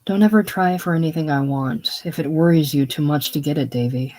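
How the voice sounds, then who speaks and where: A reader voicing a gentle, devoted young woman in a casual play reading, with soft, tender delivery. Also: medium pitch, a little fast, natural voice. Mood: soothing.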